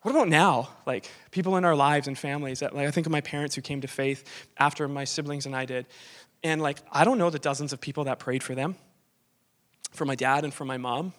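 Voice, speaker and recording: A man with a fairly high voice preaches in a loose, conversational way. He questions himself aloud and restarts sentences as he works through his thoughts. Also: fairly even intonation, fairly quick. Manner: informal, self-questioning, frequent restarts. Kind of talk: conversational sermon.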